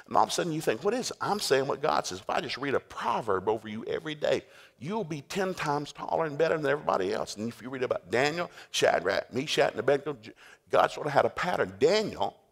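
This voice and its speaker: A man's voice: mid-range voice, sing-song, quick pace, vocal fry. A man preaching a sermon in a folksy, storytelling way. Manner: folksy storytelling, acts out scenes. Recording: echoey hall with long reverb.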